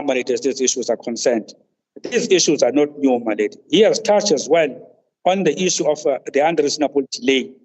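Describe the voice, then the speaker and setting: A man, counsel at a tribunal, making a formal legal argument, deferential and halting, saying "my lady" at almost every turn. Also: medium pitch, a little mellow. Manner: deferential, says "my lady" constantly, halting restarts. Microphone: video call. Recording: muffled video-call audio.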